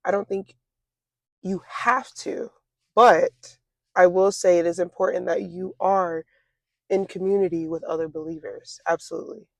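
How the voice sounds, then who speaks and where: A young woman in her twenties, an interview guest speaking casually and reflectively, pausing often with fillers and restarts. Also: lowish voice, fairly even intonation, vocal fry, darkish tone, no echo. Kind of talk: casual conversation.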